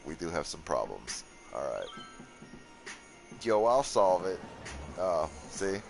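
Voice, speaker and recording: Low-voiced young guy streaming, fried and rambly, sarcastic, cusses a ton, quiet music in back. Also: big pitch swings, takes it slowly, creaky. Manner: tired, rambling, sarcastic, swears a lot. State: worn out from a long session. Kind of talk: casual gaming commentary.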